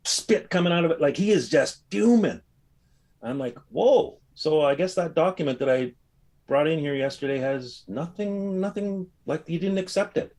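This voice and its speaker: A man casually recounting a personal experience, telling it as a rambling, animated story with frequent fillers. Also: mid-range voice. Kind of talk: casual anecdote.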